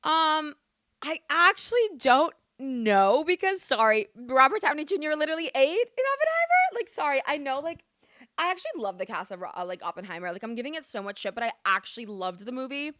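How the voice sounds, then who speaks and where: A woman's voice: high voice, very animated, fast, pushed and bright, dry recording, studio quality. A young woman vlogging her opinions in a casual, emphatic chat, full of restarts and swearing.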